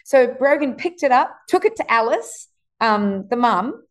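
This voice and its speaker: A woman's voice: a little high, animated, measured pace. A woman in her sixties who owns a farm, telling rambling stories in casual chat. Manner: rambling, chatty storyteller with fillers. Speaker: farm owner.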